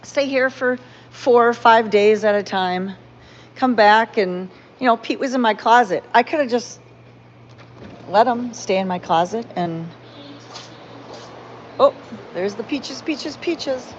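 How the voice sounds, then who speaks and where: A woman's voice: on the high side, a little slow, long pauses. A woman hosting a live stream about her cat sanctuary, rambling and heartfelt, greeting viewers by name. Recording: dull lo-fi sound with faint background noise.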